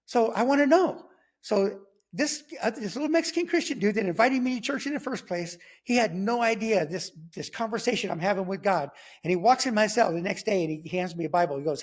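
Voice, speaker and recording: A middle-aged man telling his personal testimony in a rambling, animated way, with many restarts and quoted voices. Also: high-pitched, fast. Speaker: testimony guest.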